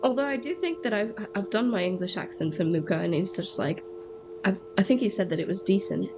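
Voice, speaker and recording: A woman streaming a video game, chatting casually and excitably and echoing the game text aloud. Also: medium pitch, brisk. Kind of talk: casual gaming chat. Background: game music.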